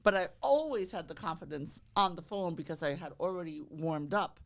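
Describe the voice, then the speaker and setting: A woman, a real estate agent chatting on a podcast, loud and energetic, acting out both sides of her phone calls. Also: fairly low pitch, normal speed. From the Bronx, New York. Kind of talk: casual podcast chat.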